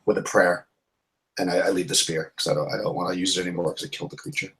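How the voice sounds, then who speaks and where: A man's voice: low-pitched, level tone, rapid-fire, fairly bright tone, slight background noise. A man playing in a tabletop game, talking casually and hesitantly. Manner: hesitant, many restarts. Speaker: player.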